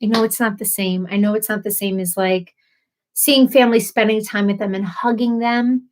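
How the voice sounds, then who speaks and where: A woman's voice: mid-range voice, steady tone, moderate pace, a little hiss or hum. A woman in her thirties hosting a casual livestream, chatty and bubbly, laughing often as she reads comments. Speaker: livestream host.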